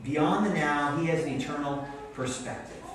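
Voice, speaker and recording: A man's voice: on the high side, moderate pace, a little hiss or hum. Man preaching in an echoey church. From Vermont, USA. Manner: animated, self-deprecating storytelling. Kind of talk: sermon. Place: church sanctuary. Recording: echoey church hall, distant mic.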